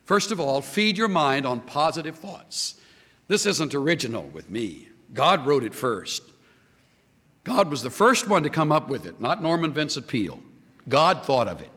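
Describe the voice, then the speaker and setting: A man preaching a sermon, animated, building up to a joke story. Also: on the high side, unhurried, in a large hall. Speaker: pastor.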